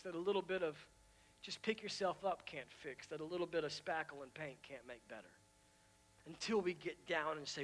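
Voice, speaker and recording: A man pastor preaching a sermon, emphatic and repetitive, swinging from hushed asides to loud declarations. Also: a little high, normal speed.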